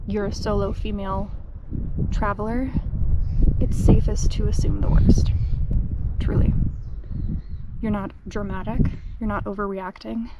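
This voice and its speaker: A woman's voice: medium pitch, very noisy. A young woman talking to her camera on a solo backpacking trip outdoors, chatty and candid, with fillers and self-corrections. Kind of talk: casual vlog narration to camera. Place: outdoors on a mountain trail.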